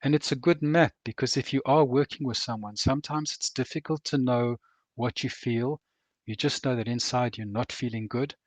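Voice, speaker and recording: An older man talks about hard things in an earnest, measured voice, pitched at an ordinary middle. He slows down and weighs each heavy word. The sound is close and dry, with no room echo. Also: fairly even intonation. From Rhodesia. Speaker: veteran author and counsellor. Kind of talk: reflective interview talk.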